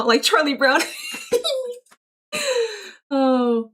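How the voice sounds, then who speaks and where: Reading through messages on her livestream, a woman chats casually, reacting aloud, laughing a lot and cursing freely. She speaks high at a normal speed, pausing often, with slight background noise behind her.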